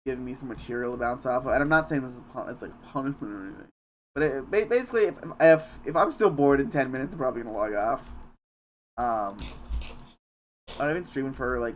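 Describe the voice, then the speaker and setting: A young man streaming a game from home, chatting casually in a rambling, halting, self-deprecating way with some swearing. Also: mid-range voice, a little hiss or hum. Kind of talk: casual live-stream chat while gaming.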